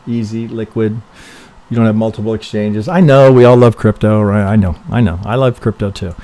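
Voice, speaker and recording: A man's voice: lowish voice, a little fast, dark tone. A man reviewing trading charts on a live stream, thinking aloud casually, swearing freely and checking in with "right?" after nearly every point.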